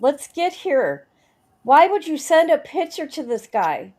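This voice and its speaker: Exclaiming woman, slightly high voice. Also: big pitch swings, a little slow, darkish tone, low-quality recording. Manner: exclamatory, incredulous reactions. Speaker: co-host reviewing emails. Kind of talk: casual reaction chat.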